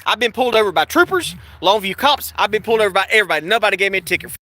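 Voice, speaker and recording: Agitated man with a high, bright voice. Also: expressive, rapid-fire, dry recording. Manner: agitated, repetitive, restarts and acts out exchanges. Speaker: video creator recounting an arrest. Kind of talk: angry first-person account. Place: in a vehicle.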